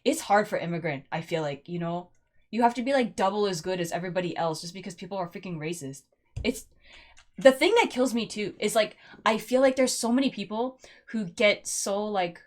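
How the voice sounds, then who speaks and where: A woman chatting casually as she plays through a story game, animated and filler-heavy. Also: medium pitch, a little fast. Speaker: let's play host.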